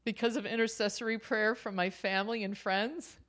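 A woman's voice: medium pitch, fairly even intonation, normal speed, a bit bright. A middle-aged woman sharing her faith testimony, earnest and personal. She tells it like a story and often laughs lightly between thoughts.

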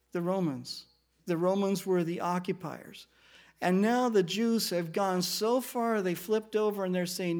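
A man's voice: high voice, measured pace. A man preaching a verse-by-verse sermon, reading scripture aloud and explaining it, asking his listeners questions and acting out the speakers in quotes. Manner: acts out the speakers in quotes with shifting pace and loudness. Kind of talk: sermon, verse-by-verse Bible teaching.

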